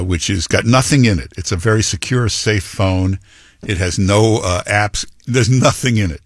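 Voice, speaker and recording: A man's voice: on the low side, no room sound, clean studio sound. A man hosting a talk show, delivering rambling, opinionated political commentary. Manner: rambling, opinionated, with quoted impressions. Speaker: talk radio host.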